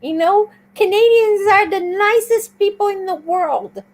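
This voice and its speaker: High voice, animated, enthusiastic woman, casual chat. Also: a little slow, low-quality recording. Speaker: guest on a live stream. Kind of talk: casual conversation.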